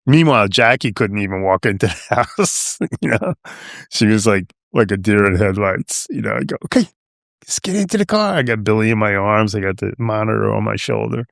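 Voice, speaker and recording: A man's voice: fairly low pitch, brisk, vocal fry, a bit bright, dry recording, clean studio sound. A man in his seventies from Long Island, telling a story as a podcast guest, rambling and dropping "you know" and "right?" all the way through. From Long Island, New York. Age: 70s. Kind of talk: casual storytelling.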